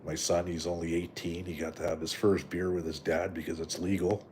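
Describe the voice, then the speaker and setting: A man's voice: deep voice, flat delivery, a little fast, darkish tone, a little hiss or hum. A middle-aged man from Canada hosting a live stream, chatting in a rambling, profane way with lots of fillers and "right?" tags. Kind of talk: casual rambling live chat.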